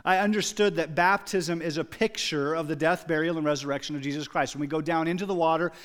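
A man's voice: on the high side, fairly even intonation, fast. Emphatic man preaching a sermon. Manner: swings from quiet reflection to loud emphatic exclamations. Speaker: pastor.

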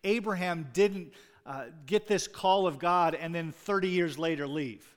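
A man's voice: on the high side, measured pace. Man preaching in a reverberant hall. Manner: conversational preaching with fillers, rising emphasis on key words. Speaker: pastor. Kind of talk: sermon. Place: church sanctuary. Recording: long reverb in a large hall.

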